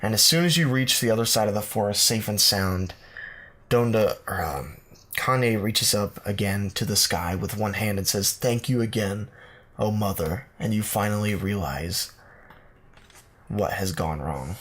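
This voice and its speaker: A man co-hosting a podcast, improvising a playful fantasy story with many fillers and pauses. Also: fairly low pitch, fairly bright tone. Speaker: podcast co-host narrating a comic fantasy story.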